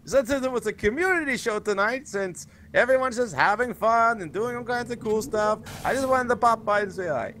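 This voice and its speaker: A man's voice: sits high, moderate pace, few pauses, fairly bright tone, a little hiss or hum. A man doing a grand old vampire Count. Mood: cheerful. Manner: grand put-on foreign accent, sweeping exclamations. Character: ancient male vampire count, theatrical and fussy. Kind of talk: voice chat role-play on a game stream.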